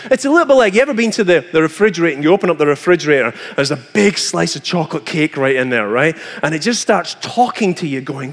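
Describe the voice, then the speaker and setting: A man with a high, light voice preaches a lively sermon, slipping into acted-out voices for the people he quotes. His words ring out through a hall with a long reverb trailing behind them. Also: fairly quick, few pauses. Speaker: pastor.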